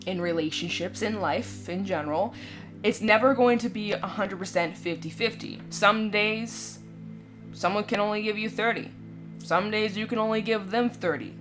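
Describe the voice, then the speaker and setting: A woman giving a casual, reassuring tarot reading to her viewers, chatty and full of little check-ins with the listener. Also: mid-range voice. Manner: chatty, reassuring, full of "you know" and "right?". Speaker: tarot reader. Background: soft background music.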